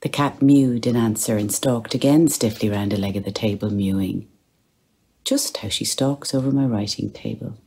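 A woman with an Irish accent reading literary prose aloud, unhurried, slipping into a hushed whisper for the character's thoughts. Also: very deep voice, breathy edge. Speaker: audiobook reader.

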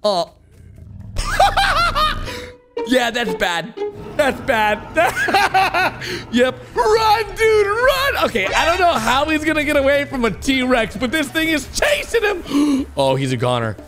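A young man hosting a gaming channel, giving excitable reaction commentary with lots of exclamations and "bro". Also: very high-pitched, unhurried, over music. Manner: animated, exclaiming, calls viewers bro.

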